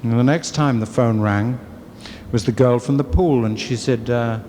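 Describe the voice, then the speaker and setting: An English man tells his recovery story in a wry, candid, storytelling way, at a middle pitch. The voice carries a long hall reverb with faint room ambience, like an old convention tape. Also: moderate pace, warm tone, slight background noise. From England. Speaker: convention speaker.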